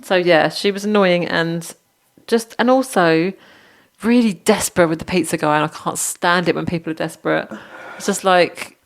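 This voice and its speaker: A woman's voice: on the low side, moderate pace. A woman co-hosting a casual podcast about bad movies at home, giggly and blunt. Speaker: podcast co-host. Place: home, dog in the room.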